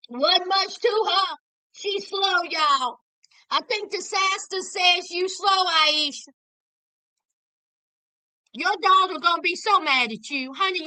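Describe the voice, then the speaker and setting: Woman commentator, sassy and animated, high bright voice. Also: no room sound. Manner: sassy, animated, Southern slang. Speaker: reality TV commentator. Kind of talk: casual reaction commentary.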